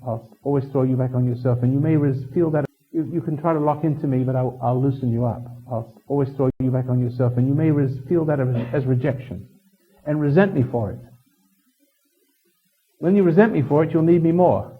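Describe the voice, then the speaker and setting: A man's voice: mid-range voice, brisk, slightly rough. A man from England giving a live seminar lecture in a hotel function room, rambling and teasing with many restarts and chuckles, on a dull lo-fi tape recording. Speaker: seminar speaker.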